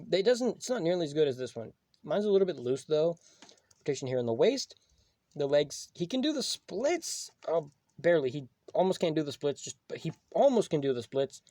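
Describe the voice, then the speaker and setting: A young man with a slightly high, mellow voice rambles through a casual toy review, leaning on "like" at every turn. The sound is dry and close. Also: no echo. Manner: rambling, filler-heavy, full of "like".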